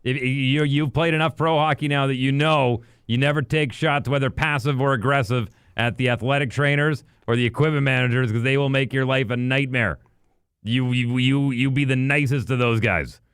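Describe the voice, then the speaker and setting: A man's voice: mid-range voice, moderate pace, a bit bright, clear, resonant tone, no echo, studio quality. A man joining a casual podcast as a guest, wry and joking, handing out advice. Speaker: podcast guest, radio host.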